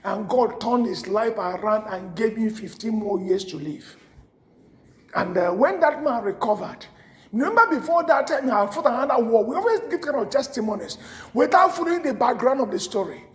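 Impassioned high-voiced male preacher. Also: lively intonation, moderate pace, echoey room. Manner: impassioned, swinging from shouts to low murmurs. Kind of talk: sermon.

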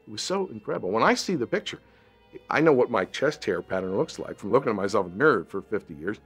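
Very deep husky man reminiscing. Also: animated, quick pace, a bit bright, faint music behind. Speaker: actor. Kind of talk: interview recollection.

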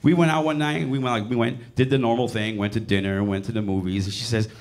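A man in his late forties doing a crude, animated stand-up set in a comedy club, bantering with the audience. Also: mid-range voice, fast. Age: 40s.

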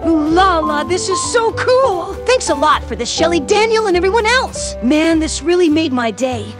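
A squeaky excited birthday boy. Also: moderate pace, music in the background. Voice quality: very high, squeaky childlike voice. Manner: eager, whiny, talks to himself. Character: excited 12-year-old boy on his birthday. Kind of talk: game machinima voice acting.

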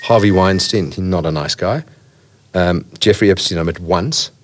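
A middle-aged man with a very low, deep voice speaks as a guest on a podcast. He is chatty and frank, and he spins out anecdotes about the people he has met over the years. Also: moderate pace. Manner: chatty storyteller, frank and name-dropping. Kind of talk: podcast interview, anecdotal storytelling.

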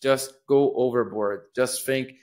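Slow and a little mellow, a man with a medium-pitched, steady voice gives a casual lesson in public speaking. He thinks aloud with restarts and demonstrates rising and falling intonation using sample phrases.

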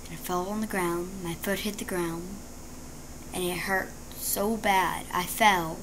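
A woman's voice: fairly low pitch, steady tone, moderate pace, background noise. A female vlogger telling a dramatic story about her injured ankle to the camera, chatty and sometimes dropping into a whisper.

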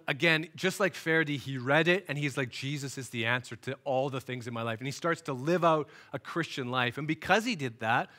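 A man's voice: on the high side, pushed and bright. A man preaching a sermon in a storytelling way, acting out the people in his stories as he goes. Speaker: guest speaker. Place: church, recorded for online worship.

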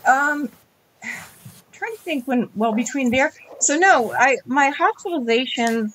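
A woman's voice: high voice, measured pace, a little hiss or hum. Middle-aged woman telling her story. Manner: animated, acts out quoted dialogue. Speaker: interview guest. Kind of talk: candid conversational storytelling.

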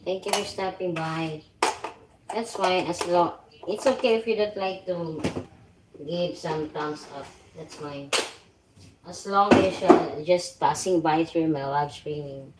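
A woman hosts a relaxed cooking live stream, chatting with viewers and thanking them by name. She talks slowly in a lowish voice and chuckles often as she goes. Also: heavy background noise. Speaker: livestream host. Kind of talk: casual live-stream chat while cooking.

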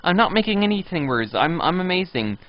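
A young man live-streaming a game and chatting with viewers in a playful, teasing way, now and then breaking into high squealing pleas. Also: sing-song, fairly quick. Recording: dull lo-fi stream audio.

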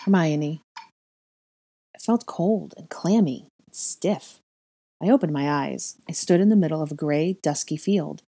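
A woman reading a story aloud in measured, unhurried first-person narration. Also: sits low, dark tone, slightly rough, no echo. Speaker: fanfiction reader.

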